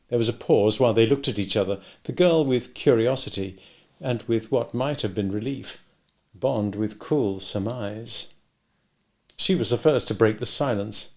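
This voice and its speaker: Gravelly man reading a novel aloud. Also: on the low side, moderate pace. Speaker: audiobook reader. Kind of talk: scripted narration.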